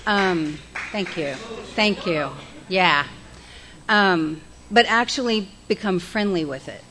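A middle-aged woman, speaking candidly and folksily about her recovery and guiding a group through slow breaths. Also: on the low side, bright, forceful tone. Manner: candid, self-deprecating, folksy. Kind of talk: personal recovery talk with guided breathing.

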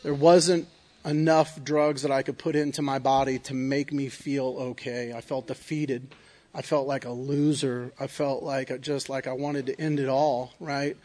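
A man's voice: medium pitch, flat delivery, unhurried, darkish tone. A man giving a personal recovery testimony in an earnest, confessional way, often checking in with "right?". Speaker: recovery speaker.

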